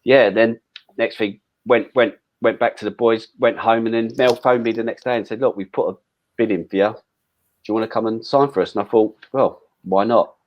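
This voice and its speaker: A man's voice: on the low side, fairly even intonation, moderate pace, dull audio. A middle-aged man telling old football stories in an interview, chatty, with lots of restarts and casual swearing. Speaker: former footballer guest.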